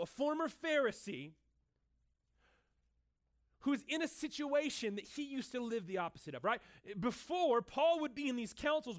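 A male pastor preaching a sermon in a lively, conversational, joking manner, in a room with an audience. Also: very high-pitched. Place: room with cameras and a listening crowd.

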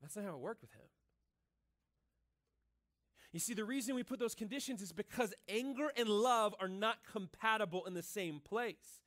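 High-pitched male pastor, casual and earnest sermon in a church, conversational with lots of "like". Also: moderate pace, long pauses, a bit bright. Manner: casual and earnest, filling speech with "like" and "right?".

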